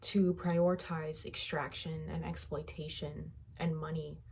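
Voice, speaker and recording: A woman guiding a tapping session, speaking slow, heartfelt first-person affirmations that trail off softly at the ends of phrases. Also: deep voice, level tone, slight background noise. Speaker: EFT tapping guide.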